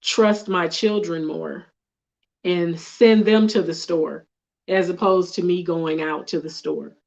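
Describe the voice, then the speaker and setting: A woman's voice: lowish voice, steady tone, takes it slowly, vocal fry, a little mellow. Candid woman on a dull lo-fi line. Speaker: guest. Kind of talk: casual chat.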